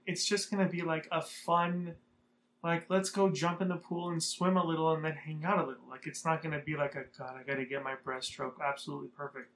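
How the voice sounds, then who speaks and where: Young man, casual vlog storytelling, slightly high voice, rambling, swears a lot, from Southern California. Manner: profane, rambling, animated. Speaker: vlogger.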